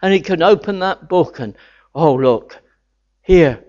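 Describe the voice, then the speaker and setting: A man's voice: fairly high pitch, expressive, measured pace, darkish tone. An older man preaching a sermon, earnest and building to enthusiastic exclamations of wonder. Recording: dull lo-fi recording.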